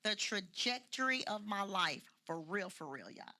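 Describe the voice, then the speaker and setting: A woman's voice: mid-range voice, big pitch swings, moderate pace, sharp tone. An older woman from Louisville with a Kentucky country twang and a soothing voice, chatting as a podcast guest in a folksy way and repeating phrases for emphasis. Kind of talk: casual chat.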